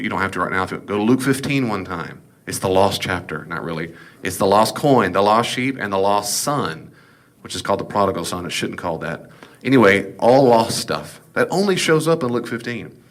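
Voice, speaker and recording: A middle-aged man with a lilt lectures on scripture to a class. His voice sits low, and he keeps things casual and folksy, tossing in wry asides as he explains. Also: fairly bright tone. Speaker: Bible teacher.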